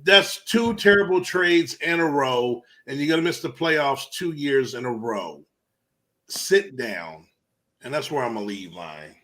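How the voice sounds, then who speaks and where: Lively man ranting about football. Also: mid-range voice, a little slow. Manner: heated, profane, emphatic ranting. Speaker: podcast co-host. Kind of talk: casual sports rant.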